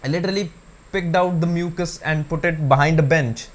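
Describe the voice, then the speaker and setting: A man's voice: on the high side, fairly quick. Stand-up comedian, male, raised voice, crude and chatty, performing to camera in his room. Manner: crude, conversational, addresses viewers as guys. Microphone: camera mic.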